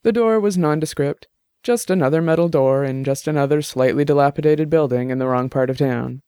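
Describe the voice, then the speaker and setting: Man, audiobook narrator, steady even reading, raised pitch. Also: brisk, smooth, dry recording, studio quality. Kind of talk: scripted novel narration.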